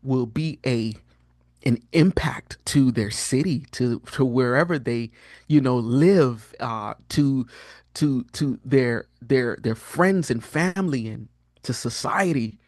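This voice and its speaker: A man in his thirties, a guest on a podcast, telling a personal story in a casual, earnest way. He often restarts and fills his speech, and his voice jumps much higher when he quotes himself. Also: takes it slowly, dry recording, studio quality. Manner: animated, rises sharply in pitch when quoting himself; frequent fillers and restarts, earnest and candid. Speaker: podcast guest, prophetic teacher.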